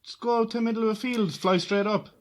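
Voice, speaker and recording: A man's voice: sits high, fairly even intonation, fast talker. An Irish man on a casual podcast, swearing freely and mocking his friends in rowdy banter. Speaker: podcast co-host. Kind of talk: casual chat.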